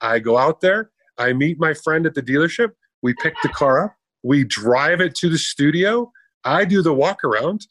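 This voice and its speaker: A man's voice: on the high side, lively intonation, normal speed, a bit bright, no echo. A man telling a long anecdote in casual chat, rambling and conversational.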